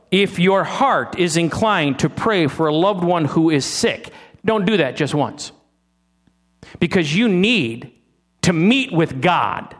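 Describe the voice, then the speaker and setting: A man preaching a sermon, teasing his listeners with rhetorical questions and slowing down to stress key words. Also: fairly high pitch, a bit bright.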